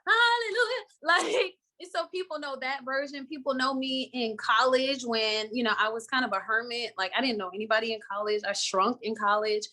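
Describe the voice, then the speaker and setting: A woman's voice: on the high side, fairly even intonation, fairly quick, hardly any pauses, sharp tone. A woman from Florida with a Southern accent, an actress talking emphatically and laughing often in a live online interview. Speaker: actress guest. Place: online video call.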